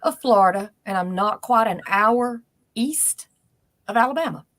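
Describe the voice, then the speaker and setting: A woman's voice: on the high side, animated, moderate pace. A Southern American woman in her forties, a nurse from Georgia, speaking frankly and at length as an interview guest.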